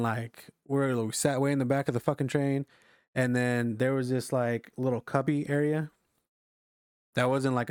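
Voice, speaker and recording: A man's voice: medium pitch, darkish tone, clean tone, no echo, clean studio sound. A young man telling a rambling, profane story to friends in casual chat, full of fillers.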